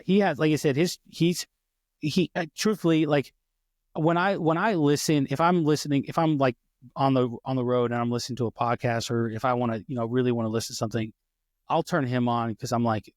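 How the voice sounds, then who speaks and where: In a studio-quality, echo-free recording, a man with a mid-range, darkish voice speaks at normal speed as co-host of a casual faith podcast. He's eagerly enthusiastic and rambling, often stopping mid-sentence to restart.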